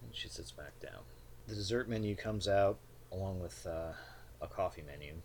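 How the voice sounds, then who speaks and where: A man narrating as game master of a tabletop game, relaxed and descriptive. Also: low-pitched, moderate pace, gravelly, slight background noise.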